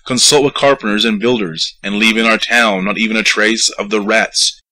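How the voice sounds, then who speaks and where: A man's voice: fairly low pitch, steady tone, normal speed, bright, forceful tone, poor audio. A man reading a poem aloud, voicing a greedy, blustering town mayor who raises his voice to wheedle and scold. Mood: commanding. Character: scheming greedy town mayor, male, middle-aged. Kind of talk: poetry recitation.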